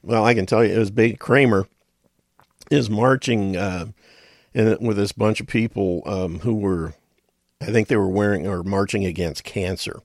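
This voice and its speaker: A man's voice: lowish voice, normal speed, no room sound, clean studio sound. A middle-aged man hosting a radio talk show, rambling in a folksy way with chuckles and muttered asides.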